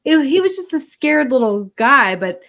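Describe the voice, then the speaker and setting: A woman's voice: high voice, big pitch swings, moderate pace, vocal fry, fairly bright tone. Chatty woman reviewing a movie. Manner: chatty, laughs often. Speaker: podcast co-host. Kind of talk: casual movie review chat.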